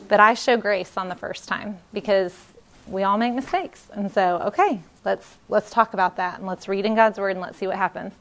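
A woman's voice: medium pitch, a little fast, fairly bright tone. A woman in her thirties giving a casual, earnest church talk on parenting, with many fillers and restarts.

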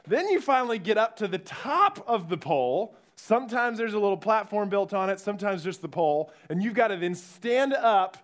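A young man preaching a youth sermon, telling stories with animated quoted voices. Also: high voice, moderate pace, few pauses. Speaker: youth pastor.

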